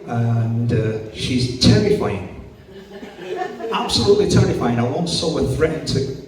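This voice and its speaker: A man's voice: mid-range voice, sing-song, a little slow. Crude Yorkshire stand-up man on stage. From Yorkshire, England. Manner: crude, self-mocking banter with the crowd. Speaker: stand-up comedian. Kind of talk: live stand-up comedy. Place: comedy club stage. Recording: echoey club from far off.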